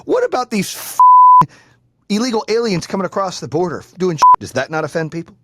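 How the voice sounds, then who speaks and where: An animated man in his forties hosts a podcast, telling blunt, profane stories. His voice sits slightly high and leaps around in pitch. It is a casual studio chat. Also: fairly quick, very noisy. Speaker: podcast host.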